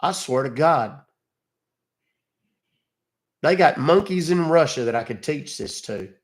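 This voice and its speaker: A man's voice: on the high side, animated, unhurried. An older man on a live call, stalling a scammer in a folksy, exasperated way. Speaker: scam-baiting streamer.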